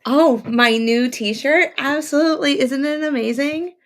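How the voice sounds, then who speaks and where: A woman with a high voice speaks unhurriedly while hosting a casual sewing livestream, chatting with viewers, greeting them by name, and drifting into rambling asides. She is from upstate New York, near Montreal.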